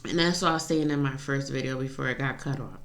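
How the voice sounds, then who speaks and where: A woman's voice: extremely low pitch, quick pace, a bit bright. A woman talking in a personal vlog, rambling and confessional, laughing to keep from crying. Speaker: vlogger.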